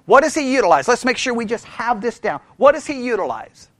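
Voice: medium pitch, very animated, fairly quick, fairly bright tone, no room sound. A Bible study teacher who speaks with energy, keeps asking the listeners questions and checking in with "right?", and thinks aloud with restarts.

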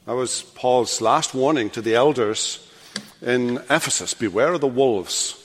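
An older man preaching a sermon as pastor, swinging from loud, animated passages to hushed, quiet endings. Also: mid-range voice, measured pace, in a large hall, slight background noise. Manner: animated preaching, rising loud then dropping to hush. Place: church sanctuary.

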